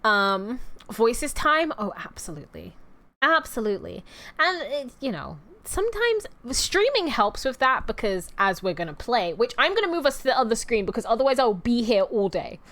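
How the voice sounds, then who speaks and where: A young woman chatting on a livestream, rambling and restarting thoughts as she goes. Her voice sits slightly high, and her tone stays casual and talkative. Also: sing-song, moderate pace, fairly bright tone. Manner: chatty, rambling, self-interrupting, laughs easily. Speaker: streamer.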